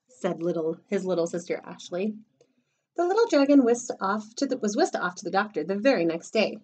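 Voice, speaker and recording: A preschool teacher reading a picture book aloud to young children. Her voice rises and falls widely, and she reads with animated, expressive timing to keep little listeners hooked. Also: mid-range voice, a little fast, husky. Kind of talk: storybook read-aloud for children.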